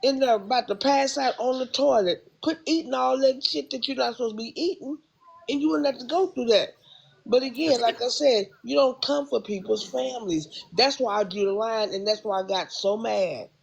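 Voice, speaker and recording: A woman's voice: a little high, moderate pace, creaky, husky, muffled recording. A woman venting heatedly on her livestream, repeating herself as she rants. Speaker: livestream host. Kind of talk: casual livestream rant.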